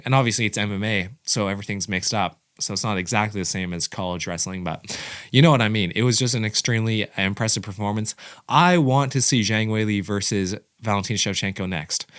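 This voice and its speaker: Low-voiced excitable fight commentator. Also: male voice, dry recording, clean studio sound. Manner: excitable, rambling, self-correcting. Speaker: host of a combat sports reaction channel. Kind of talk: casual commentary.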